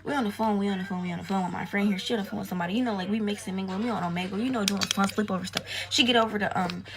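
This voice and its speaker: A woman's voice: medium pitch, fairly even intonation, very fast, crowd noise. A young woman telling a storytime tale in casual, slangy, profane talk, retelling events with drama. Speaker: storytime vlogger.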